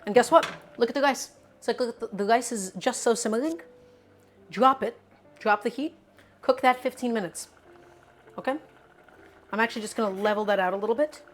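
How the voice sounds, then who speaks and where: A woman's voice: a little high, a little fast, pauses often. Upbeat woman chatting through a cooking stream. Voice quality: chatty, upbeat, talks to the chat directly. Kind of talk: casual live cooking chat. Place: home kitchen at the stove.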